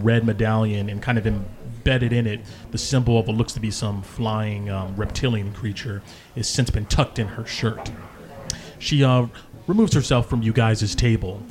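A man narrating as game master, casual and full of fillers. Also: on the low side. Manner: casual, many ums and hedges.

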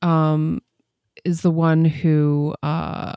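Hesitant, low-voiced woman co-host. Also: little pitch movement, drawn-out words, dark tone, clear, resonant tone, no echo, clean studio sound. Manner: hesitant, many fillers and restarts. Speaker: podcast co-host. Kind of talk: casual film chat.

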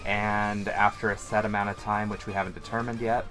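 Wry low-voiced male co-host. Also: level tone, a little fast, a bit bright, soft background music. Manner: wry, self-deprecating. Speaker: podcast co-host. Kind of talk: casual podcast chat.

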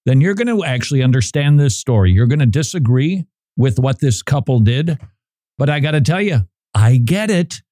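Casting: male radio host, dark mellow voice, dry close studio sound, emphatic and repetitive. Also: mid-range voice, lively intonation, moderate pace, no room sound. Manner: emphatic, repeats phrases, restarts mid-sentence. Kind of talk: talk radio monologue.

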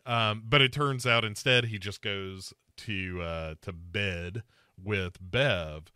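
A man's voice: fairly low pitch, slow, bright, forceful tone, smooth, no room sound, clean studio sound. A man hosting a podcast, casually recapping a movie with wry mock quotes. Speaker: podcast host. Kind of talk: casual movie review chat.

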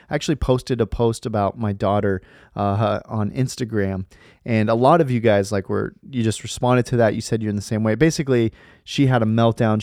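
The thirty-something host of a faith podcast talks in a casual, earnest way, wandering through his points with filler words and restarts. He has a medium-pitched, slightly mellow voice, captured in a dry, studio-quality recording.

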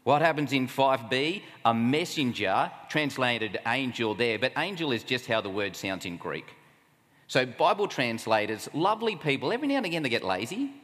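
Australian man, sermon, conversational, rhetorical questions, mid-pitched, long hall reverb. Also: very animated, normal speed, fairly bright tone. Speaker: camp speaker.

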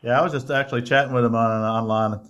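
A man hosting a casual interview, relaxed and slangy, laughing along with his guest. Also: medium pitch, fast, smooth. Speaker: podcast host.

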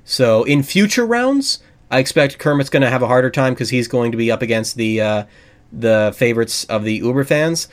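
A man's voice: mid-range voice, animated, normal speed. A man co-hosting a podcast, chatting casually and hedging with lots of fillers. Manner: hesitant, hedging, many fillers. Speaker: podcast co-host.

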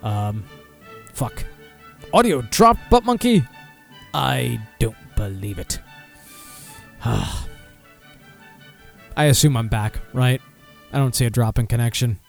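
A man's voice: medium pitch, slow, gravelly, pauses often, faint music behind. A man hosting a podcast, chatting casually and reading out food and beer pairings with plenty of swearing. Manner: profane, animated, breaks off to comment. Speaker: podcast host. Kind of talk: casual chat, reading aloud.

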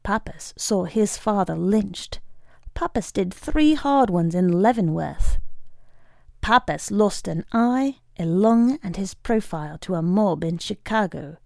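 A woman reading a short story aloud in a measured storytelling voice. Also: mid-range voice, expressive, gravelly, darkish tone, dry recording, studio quality. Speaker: reader.

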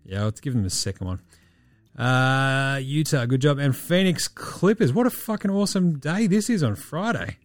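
A man hosting a podcast in casual sports chat, breezy and profane as he rattles off quick-fire picks. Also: mid-range voice, expressive, no echo. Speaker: podcast host.

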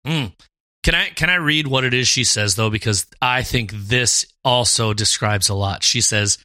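A man co-hosting a podcast, chatting casually with a friend. His voice is bright and forward, and he jumps into lines from the show in put-on voices. The sound is dry and close. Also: mid-range voice, moderate pace, no room sound. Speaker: podcast co-host. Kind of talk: casual chat.

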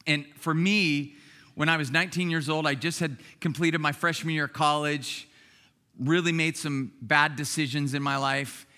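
A middle-aged man preaching a sermon as pastor, conversational and lively, with sudden bursts of excited shouting. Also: on the high side, normal speed.

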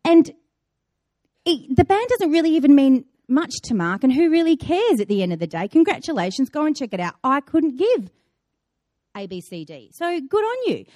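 A woman's voice: high-pitched, sing-song, normal speed, warm tone, no room sound, clean studio sound. A woman giving a conversational sermon, chatty and playful, telling stories with acted-out asides. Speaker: preacher.

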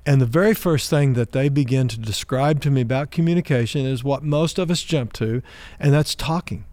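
A male pastor teaching in a calm, measured, conversational manner, building his points through simple examples. His voice sits at an ordinary pitch for a man and is recorded close and dry, with almost no room sound. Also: no room sound. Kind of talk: teaching talk on relationships.

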